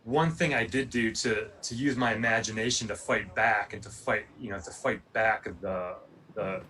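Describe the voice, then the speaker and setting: A man's voice: fairly low pitch, normal speed. Guy in his 40s rambling through a motivational talk, lots of um and you know, mic kinda far off. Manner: rambling, animated storytelling with many fillers. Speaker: Olympic pole vaulter sharing his story. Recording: distant mic, faint room noise.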